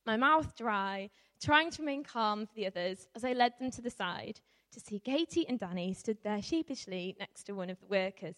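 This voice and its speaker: A young woman from Yorkshire telling a personal story to a live audience, chatty and self-deprecating, laughing often and filling pauses with ums. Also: medium pitch, expressive, fairly bright tone. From Yorkshire, England. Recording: long hall reverb.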